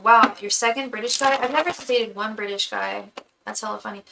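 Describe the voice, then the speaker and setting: A woman's voice: on the high side, fairly even intonation, moderate pace, vocal fry. A woman in her thirties giving a live-streamed tarot reading, chatty and full of ums, calling viewers girl. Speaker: tarot reader and psychic. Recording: distant mic with faint background noise.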